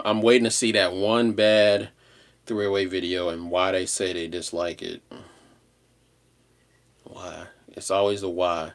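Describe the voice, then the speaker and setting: A man with a fairly low voice talks casually to his livestream viewers. His delivery is slangy and rambling, mostly laid-back but jumping now and then into animated outbursts. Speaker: live streamer.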